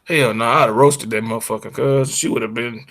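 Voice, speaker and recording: A man's voice: medium pitch, fairly even intonation, brisk, a bit bright. A man co-hosting a casual chat, profane, chiming in and laughing along. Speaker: podcast co-host.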